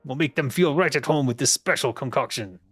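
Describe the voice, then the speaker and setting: A man's voice: medium pitch, quick pace, husky, natural voice. A man voicing a scheming male game troll mixing a magic brew, in a clumsy put-on troll accent with a gloating, sing-song manner.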